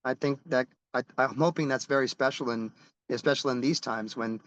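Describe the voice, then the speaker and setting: A man's voice: medium pitch, fairly quick, fairly bright tone, no room sound, muffled recording. A middle-aged man, a rock musician, telling stories in a casual interview, rambling and restarting as he goes and swearing casually.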